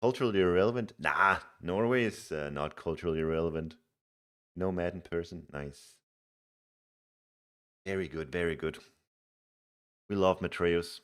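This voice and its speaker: Young male streamer, deep voice, chatty and easygoing while playing. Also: moderate pace, pauses often, fairly bright tone, clean tone. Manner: chatty, reads chat aloud, laughs easily. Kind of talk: casual live game commentary.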